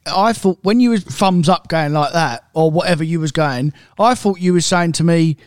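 A man's voice: a little high, normal speed, clear, resonant tone, dry recording, clean studio sound. A man co-hosting a podcast in casual chat, retelling events emphatically. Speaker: podcast co-host.

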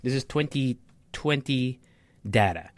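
A man's voice: medium pitch, lively intonation, unhurried, no echo. A young man giving a heated, profane opinion rant to his viewers, often stumbling and repeating words. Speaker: vlogger. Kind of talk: casual opinion rant to camera.

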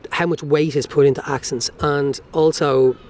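A man in his forties with an Irish accent, reading a spoken-word poem in a soft, measured way, then talking animatedly as a guest. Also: a little high, steady tone. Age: 40s. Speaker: guest, writer and performer.

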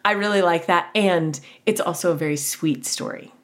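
A woman hosts a chatty interview over a video call. Her voice sits a little low, and she responds eagerly to her guest. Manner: warmly enthusiastic, quick agreement. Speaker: podcast host. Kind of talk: casual interview chat.

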